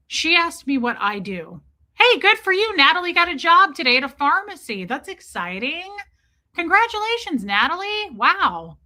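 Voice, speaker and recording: A woman hosting a livestream, telling a story in a chatty, animated way while greeting her chat. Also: sits high. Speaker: livestream host.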